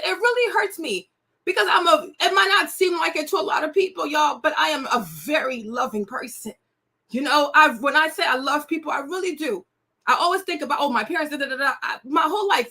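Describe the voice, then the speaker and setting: A woman's voice: high-pitched, lively intonation, fairly quick, pushed and bright. A woman in her thirties talking casually and emotionally to her viewers, confiding and repeating herself for emphasis. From United States. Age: 30s. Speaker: host. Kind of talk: casual chat to camera.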